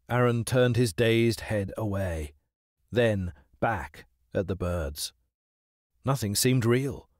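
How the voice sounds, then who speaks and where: A man narrating a dramatized children's audiobook in an expressive, unhurried way. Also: lowish voice, no echo, studio quality.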